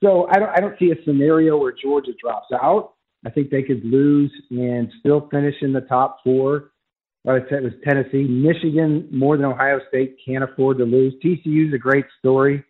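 A man's voice: medium pitch, steady tone, moderate pace. A man calling in to a radio show as a guest, giving emphatic college football analysis. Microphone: telephone. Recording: tinny phone line.

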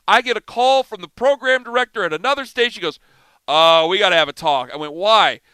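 Animated, bright-voiced male radio host. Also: high voice, fairly quick, clear, resonant tone, no echo. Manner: animated, self-mocking storyteller. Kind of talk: storytelling on sports talk radio. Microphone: studio microphone.

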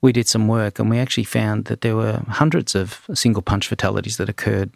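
A middle-aged man, a forensic toxicologist answering interview questions in a measured way, with frequent ums and restarts. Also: lowish voice, fairly even intonation, creaky, no room sound, studio quality.

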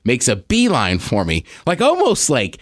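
A man's voice: mid-range voice, huge pitch swings, moderate pace, no echo, clean studio sound. A man co-hosting a podcast, telling a story in casual chat and laughing often. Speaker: podcast co-host.

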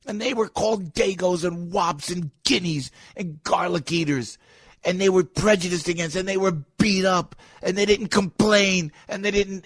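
A man hosting a talk radio show, giving a fired-up, rambling opinion monologue that swings from loud outbursts to low asides. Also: no echo, clean studio sound.

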